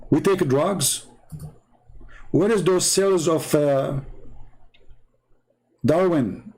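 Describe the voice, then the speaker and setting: A man's voice: fairly high pitch, drawn-out words, a little mellow. A man giving a mocking, emphatic monologue full of rhetorical questions. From Arab Middle East. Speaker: online commentator. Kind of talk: sarcastic monologue to camera.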